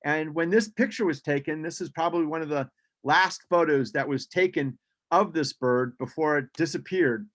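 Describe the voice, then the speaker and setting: A man presents a slideshow on birds over a video call, in an easy, conversational way. His voice sits a touch high, and he often pauses with ums and starts sentences over. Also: a bit bright. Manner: chatty, frequent ums and restarts. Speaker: birding presenter.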